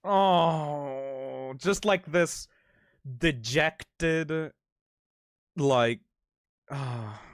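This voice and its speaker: A man's voice: a little high, extremely slow, long pauses, dry recording, studio quality. A man streaming a game live, reading the dialogue aloud and reacting with emotional exclamations and swearing.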